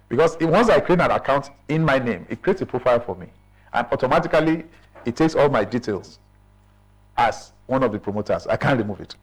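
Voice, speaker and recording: A man's voice: mid-range voice, animated, fairly quick, slightly rough, rough recording. A middle-aged man with a Nigerian accent, an official explaining procedures in a radio interview and often checking in with "right?". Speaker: official explaining business registration.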